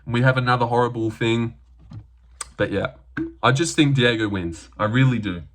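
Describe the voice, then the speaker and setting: A young Australian man breaks down fight predictions in loose, rambling chat, peppered with fillers. His pitch sits mid-range for a man. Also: normal speed, a bit bright. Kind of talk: casual fight prediction commentary.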